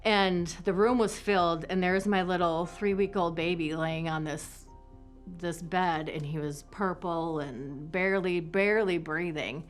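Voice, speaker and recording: A woman tells her family's story in a low, dark-toned voice. She speaks haltingly, restarting her sentences as she relives the moments. Soft music plays faintly behind her. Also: fairly even intonation. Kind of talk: personal testimony interview.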